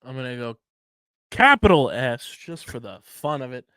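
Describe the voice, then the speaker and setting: A man's voice: mid-range voice, moderate pace, smooth, no room sound, clean studio sound. A man, co-hosting a casual podcast and telling stories with lots of swearing. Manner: animated storytelling, swearing, spells words letter by letter. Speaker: podcast co-host.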